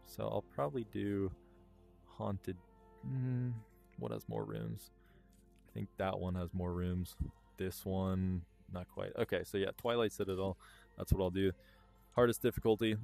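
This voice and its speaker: A man's voice: lowish voice, vocal fry, darkish tone. A man giving casual, rambling commentary while playing a VR game, with frequent ums and little chuckles. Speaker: gaming YouTuber. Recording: faint game music underneath.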